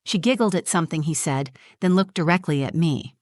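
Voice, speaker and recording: A woman narrating a first-person story in a steady, scripted storytelling delivery. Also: on the low side, fairly quick, hardly any pauses, dry recording, clean studio sound.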